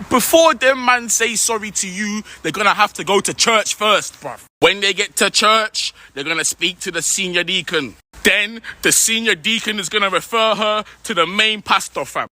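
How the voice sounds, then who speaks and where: A man speaking in a slangy, mocking comedic monologue. His voice is very bright and forceful, set fairly high, and sounds dry and close with no room around it. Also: moderate pace, hardly any pauses, dry recording. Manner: slangy, mocking, punchy delivery.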